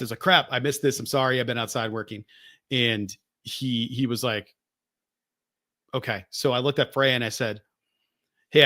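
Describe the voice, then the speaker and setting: Male podcast co-host, bright tone, animated storyteller. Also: medium pitch. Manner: animated, acts out quoted voices. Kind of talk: casual storytelling.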